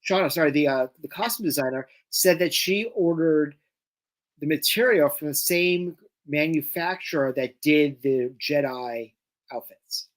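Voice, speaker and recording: This podcast co-host talks at a slightly slow pace in a medium-pitched voice. They're casually chatting through a live watch-along, trading eager fan banter.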